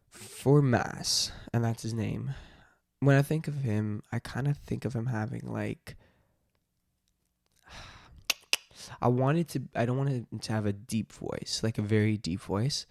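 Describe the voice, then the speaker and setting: A man's voice: mid-range voice, steady tone, slow pace, creaky, long pauses, a little mellow, dry recording, studio quality. A man chatting casually to camera as a vlogger and dungeon master. He rambles, with many fillers and restarts. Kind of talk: casual vlog chat.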